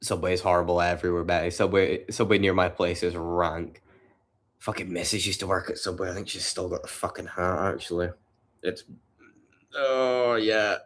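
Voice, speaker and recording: A man's voice: low voice, steady tone, normal speed. A man chatting casually and profanely with his livestream audience from home at night. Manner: profane, rambling banter with chat.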